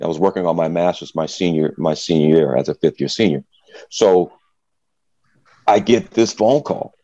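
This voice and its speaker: In a dry, muffled recording, a low-pitched middle-aged man speaks at normal speed. Once a football player, he recounts his story for an interview as an animated storyteller, voicing the people he quotes.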